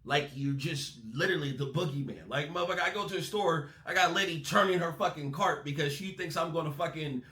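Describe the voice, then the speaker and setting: A man hosting a music breakdown channel, talking in a casual, excitable, profane way. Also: a little high, fast, hardly any pauses, reverberant. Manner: animated, excitable, swears freely. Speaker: music reaction host.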